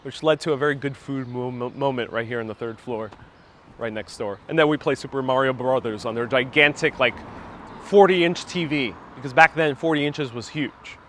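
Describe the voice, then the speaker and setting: A man from New York City in his thirties, livestreaming a walking tour outdoors on a wireless lapel mic and telling childhood stories in a casual, animated way. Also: medium pitch, moderate pace, slight background noise. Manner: animated storyteller, reads viewer comments aloud. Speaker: vlogger giving a live walking tour. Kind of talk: casual live-stream storytelling.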